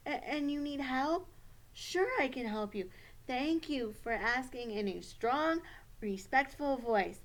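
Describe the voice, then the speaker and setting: A woman teacher running a puppet lesson for young children, gentle and coaching. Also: high-pitched, lively intonation, takes it slowly.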